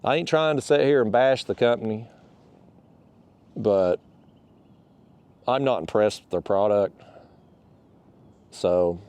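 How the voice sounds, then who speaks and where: Guy fishing off a kayak, warm low-key voice, kinda breathless, rambles with restarts. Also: slow, pauses often, clean tone. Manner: rambling, restarts, folksy phrasing. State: a bit out of breath. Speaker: fishing vlogger. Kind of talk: casual outdoor vlog. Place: on a kayak on a river, outdoors.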